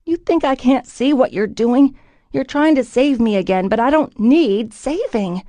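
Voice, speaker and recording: A woman voicing a headstrong young woman fighter who talks forcefully and raises her voice, in an audiobook. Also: mid-range voice, moderate pace, no echo, close to an everyday voice. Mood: desperate.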